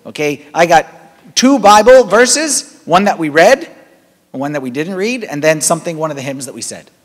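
A man, a priest giving a conversational, animated sermon. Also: on the high side, normal speed. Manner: conversational, animated preaching with rising emphasis. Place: large church hall. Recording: long church reverb.

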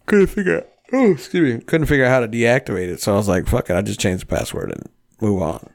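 A man's voice: medium pitch, lively intonation, fast talker, gravelly. A man in his thirties hosting a casual podcast, telling long rambling stories full of swearing. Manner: profane, rambling storyteller. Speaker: podcast host.

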